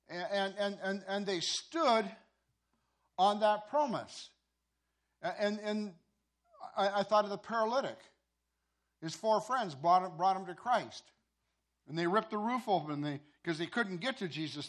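Man preaching a storytelling sermon. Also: high-pitched. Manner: storytelling, with many repeated words and restarts. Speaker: pastor.

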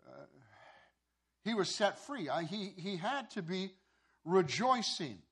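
A pastor telling a sermon story, with many repeated words and restarts. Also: male voice, sits high, big pitch swings, slow, a bit bright, husky.

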